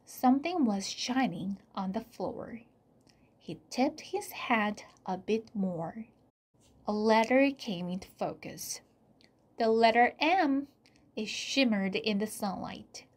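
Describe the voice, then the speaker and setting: Slow, soft storybook reader. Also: female voice, fairly high pitch, expressive. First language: Korean. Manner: soft, often dropping to a whisper. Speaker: channel host reading aloud. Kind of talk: slow read-aloud storybook narration.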